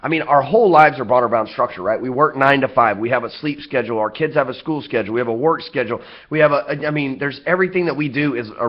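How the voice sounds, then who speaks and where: Blunt Southern man coaching sales. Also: mid-range voice. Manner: blunt, profane, self-mocking asides. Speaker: sales trainer. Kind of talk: casual sales training talk. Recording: slightly dull lo-fi audio.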